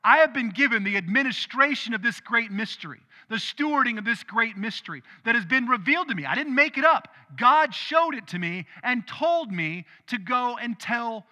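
A man's voice: extremely high pitch, animated, normal speed, hardly any pauses, bright, forceful tone, big-room sound, voice pushed up, full character voice. A preacher voicing an earnest male apostle who insists on his calling in an emphatic, urgent way.

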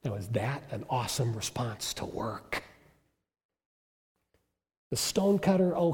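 A man's voice: high voice, mellow, in a large hall. A male pastor preaching a sermon in an emphatic storytelling manner with rhetorical questions.

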